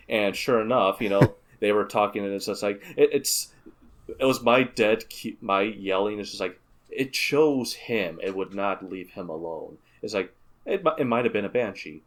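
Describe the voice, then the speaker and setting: A man's voice: fairly low pitch, moderate pace. A man who is a guest on a gaming podcast, telling a long story and often restarting his sentences. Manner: rambling storyteller with many restarts. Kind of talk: casual gaming podcast chat.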